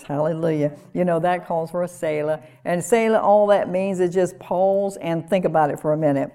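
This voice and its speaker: A woman preaching a sermon in an earnest, conversational way, repeating phrases and laughing softly now and then. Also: lowish voice, a little fast, few pauses, smooth.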